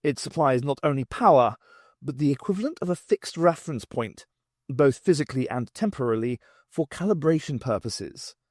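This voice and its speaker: Man voicing a sarcastic alien time traveller, brisk, lecturing, animated pitch, dry close recording. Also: no echo, natural voice. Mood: explaining. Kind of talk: audiobook character voice.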